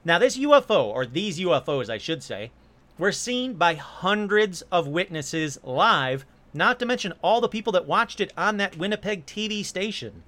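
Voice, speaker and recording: Lively, bright-voiced man telling UFO tales. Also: sits high, normal speed. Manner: animated, jokey asides, puts on silly voices briefly. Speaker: host. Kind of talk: casual storytelling monologue.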